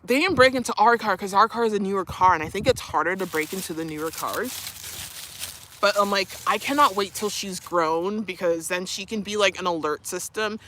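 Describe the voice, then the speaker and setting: A woman's voice: medium pitch, pushed and bright, slight background noise. A young woman streaming live, chatting casually, reading viewer comments, laughing often and cooing to her dog. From Canada.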